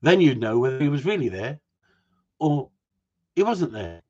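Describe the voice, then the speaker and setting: Casting: husky, lively bloke, crude teasing banter, lo-fi sound. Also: male voice, medium pitch, moderate pace. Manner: swears freely, teasing, laughs often. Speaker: host of a gundog group chat. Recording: dull lo-fi sound.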